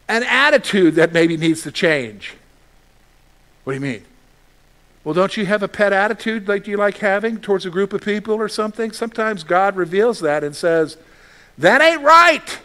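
A man's voice: high voice, a bit bright. A man preaching a sermon as a pastor, reading scripture aloud and answering questions he poses himself, with emphatic delivery.

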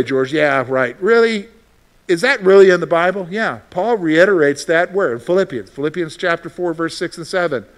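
A man's voice: a little high, a bit bright. A male pastor preaching a sermon in a conversational way, asking the listeners questions and reading from scripture. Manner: conversational, asks the congregation questions.

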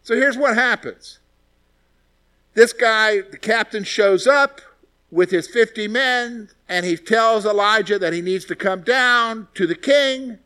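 A man's voice: sits high, slow pace, pushed and bright, smooth. A man teaching a Bible study, retelling scripture in a conversational way and asking rhetorical questions.

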